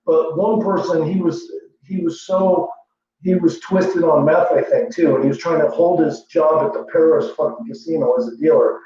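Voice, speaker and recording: Boastful man, profane rambling, fairly high voice, very echoey room, mic far off, dull lo-fi sound with faint hum. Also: fairly even intonation, normal speed, dark tone. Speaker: livestream host. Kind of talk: rambling casual monologue.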